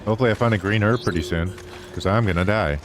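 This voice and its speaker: A man's voice: on the low side, quick pace, noisy background. A man streaming a game, grumbling and making sarcastic wisecracks as he plays. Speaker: gaming streamer. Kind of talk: casual gameplay commentary.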